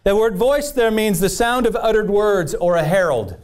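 Guy preaching at church, fairly high voice, keeps calling for amens, stumbles and restarts a lot. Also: expressive, moderate pace, darkish tone. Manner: call-and-response preaching, keeps asking the congregation "amen?"; storytelling with repeated restarts. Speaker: pastor. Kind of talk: sermon. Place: church service.

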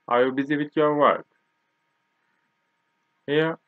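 Slow man teaching, tinny. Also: mid-range voice, dry recording. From Turkey. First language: Turkish. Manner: repeats each word slowly for drilling. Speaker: language teacher. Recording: dry, tinny phone-like recording.

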